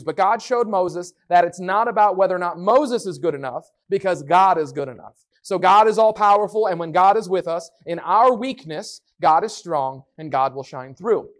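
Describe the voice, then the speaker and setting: A woman teaching a Bible story lesson in a lively, playful way, full of asides. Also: lowish voice, normal speed, hardly any pauses. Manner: lively, playful, lots of voices and sound effects.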